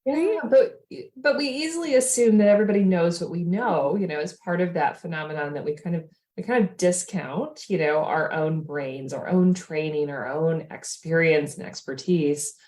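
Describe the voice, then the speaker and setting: A woman's voice: lowish voice, moderate pace, few pauses, darkish tone. A woman hosting a podcast as a life coach, thoughtful and affirming as she reflects and asks questions. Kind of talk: casual podcast conversation.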